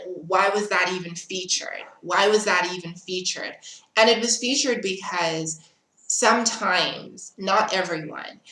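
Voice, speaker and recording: A woman vlogger telling a personal story in an animated way and acting out what other people said. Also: fairly low pitch. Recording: roomy, echoey room.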